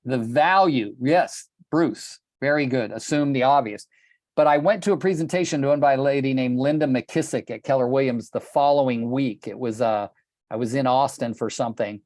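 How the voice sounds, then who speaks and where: A man's voice: mid-range voice, normal speed, a little mellow, no room sound. An older man leads a coaching call, telling his stories with blunt passion and the odd curse word. His voice sits in the middle range and the sound is dry and close, with no room around it. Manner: blunt, passionate, swears casually. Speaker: real estate coach. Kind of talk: group coaching call, storytelling. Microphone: video call.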